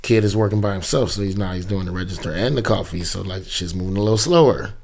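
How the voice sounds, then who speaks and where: Man, fairly low voice, casual chat, animated profane storytelling. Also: fast talker, vocal fry, a little hiss or hum. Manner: mimics people in voices while telling stories.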